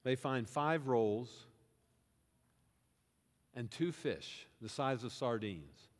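Speaking very slowly in a mid-range voice, a male pastor preaches a sermon from the church sanctuary, where the sound echoes like a hall. He animates a scripture story in the first-person plural, drawing his congregation in as if present, and asks them questions.

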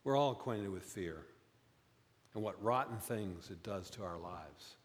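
A man preaching a sermon as pastor, telling stories and rising high in pitch for emphasis. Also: expressive, a little slow. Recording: long reverb, as in a church.

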